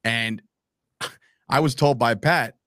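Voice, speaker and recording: A man telling stories as a podcast guest in a casual, animated way, acting out quoted lines and calling the listener "bro" and "man". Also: medium pitch, slow, no echo, studio quality. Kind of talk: casual storytelling chat.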